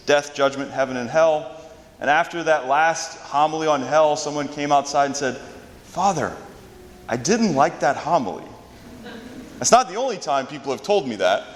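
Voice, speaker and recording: A man, a Catholic priest, gives a relaxed homily in a conversational preaching style, often tagging his points with a quick question. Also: fairly high pitch. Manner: casual preaching with frequent tag "right?". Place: church. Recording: long church reverb.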